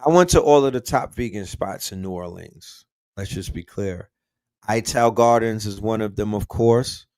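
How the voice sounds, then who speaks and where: A man's voice: lowish voice, normal speed, dry recording. Slangy male livestream host, dry sound. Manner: slangy, shouting out viewers' cities. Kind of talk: casual livestream chat.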